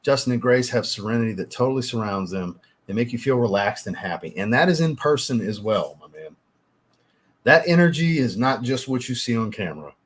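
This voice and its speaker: His voice sits in the mid-range, husky and expressive, with a slightly fast delivery. The man is a fragrance reviewer and livestream host, casually reading super chats, thanking viewers and dropping the odd swear word in his laid-back chat.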